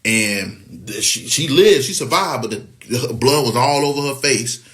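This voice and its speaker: A man's voice: medium pitch, expressive, unhurried, fairly bright tone. A man giving a casual, rambling opinion monologue, swearing often and asking if you follow him. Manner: profane, rambling, keeps asking "you know what I'm saying".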